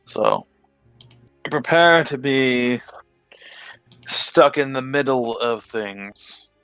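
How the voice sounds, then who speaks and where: A man narrating as game master, halting and thinking aloud as he explains a plan. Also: mid-range voice, expressive, fairly bright tone, clear, resonant tone, no echo, soft background music.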